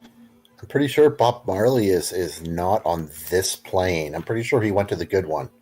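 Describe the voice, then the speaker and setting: A man's voice: deep voice, expressive, moderate pace, dark tone, breathy edge, soft background music. A man playing at a tabletop game, joking wryly in casual table talk. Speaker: player.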